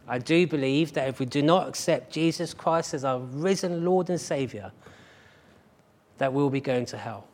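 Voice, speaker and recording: A man preaching a sermon as pastor at a church service, earnest and emphatic, driving his points home with repeated phrases. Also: medium pitch.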